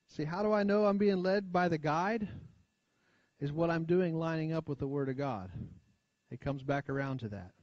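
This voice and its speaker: An American man preaching in a church, with a slightly high voice that sounds a little muffled and lo-fi. He talks in a chatty, conversational way, asks the congregation for amens, and sinks low and quiet on the lines he wants to stress. The sound is close and dry. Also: unhurried, long pauses, no echo. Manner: conversational preaching, frequent call-and-response asides. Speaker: pastor. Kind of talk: sermon. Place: church sanctuary. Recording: dull lo-fi church recording.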